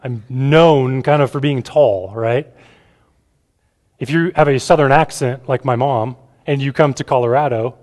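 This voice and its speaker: A pastor speaks to a gathered room in a relaxed, conversational way, often checking in with "right?" and repeating words as he goes. His voice sits at an ordinary middle pitch for a man. A long reverb trails after each phrase, as in a large hall. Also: unhurried. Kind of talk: conversational sermon. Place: church room with a gathered audience.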